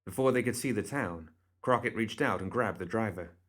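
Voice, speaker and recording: A man reading a story aloud as the narrator, in measured, scripted narration. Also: fairly low pitch, a bit bright. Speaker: reader.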